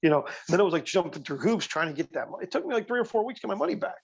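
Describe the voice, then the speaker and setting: A man's voice: sits high, big pitch swings, very fast, vocal fry, breathy edge. Rambling man on a lo-fi podcast. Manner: rambling storyteller, many fillers and restarts. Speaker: podcast co-host. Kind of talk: casual chat.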